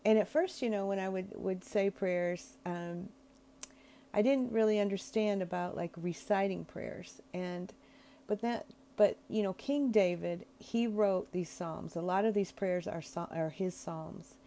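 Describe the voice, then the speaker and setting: A woman giving an informal talk on prayer, in a gentle, reflective way, pausing to search for her words. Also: medium pitch.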